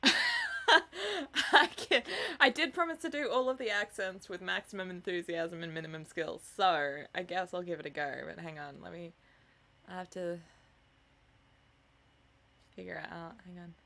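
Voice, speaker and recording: A woman's voice: lowish voice, moderate pace, gravelly, sharp tone. A sleepy woman streamer chatting casually with her viewers in a rambling, self-mocking way before reading a novel aloud.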